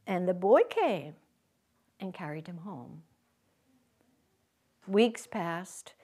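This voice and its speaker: Slow, expressive woman reading a story. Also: mid-range voice. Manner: expressive, lingering storyteller's delivery. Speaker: guest reader. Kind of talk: reading a children's story aloud. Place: public library.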